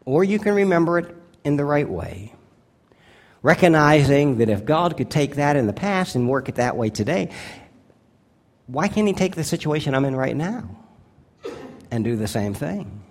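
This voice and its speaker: This preacher's fairly high voice swings widely in pitch as he delivers an earnest, deliberate sermon, slowing on key words and going hushed for his appeals.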